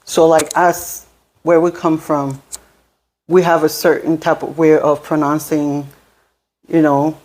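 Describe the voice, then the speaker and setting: A woman's voice: deep voice, flat delivery, slow, long pauses, a little mellow. A woman guest on a talk show, speaking conversationally with fillers. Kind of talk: casual discussion.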